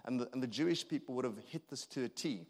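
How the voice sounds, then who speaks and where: Male preacher, 30s, earnest, stumbles and restarts, mid-pitched, echoing hall. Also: expressive, a little mellow. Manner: earnest, halting with frequent restarts and fillers. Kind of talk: sermon. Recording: long hall reverb.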